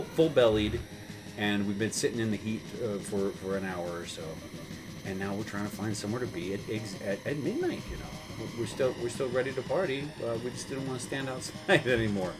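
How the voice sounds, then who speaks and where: A man in his thirties, host of a gaming show, telling a rambling story with chuckles while playing a video game. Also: on the low side. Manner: rambling, chuckling, with many fillers and restarts.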